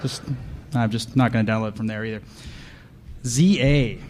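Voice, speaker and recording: A man's voice: fairly low pitch, moderate pace, noisy background. Sarcastic man riffing to a crowd. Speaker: conference panelist. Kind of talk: comedic live talk to an audience.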